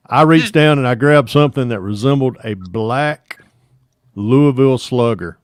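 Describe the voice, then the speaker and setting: A man's voice: mid-range voice, unhurried, dry recording. Man, Southern drawl, casual storyteller, laughs at his own jokes, dry sound. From Atlanta, Georgia area.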